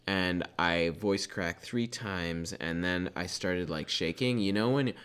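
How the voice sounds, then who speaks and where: A man's voice: deep voice, slow, a bit bright, clear, resonant tone. A teenage man co-hosting a podcast, telling a rambling story and pushing on through interruptions. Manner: rambling storyteller, keeps pushing on with side stories. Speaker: podcast co-host. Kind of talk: casual chat.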